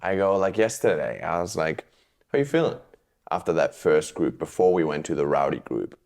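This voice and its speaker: A magician in casual conversation, rambling and dropping in quick "yeah, yeah" replies. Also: male voice, rumbling low, creaky, a little mellow. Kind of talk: casual chat.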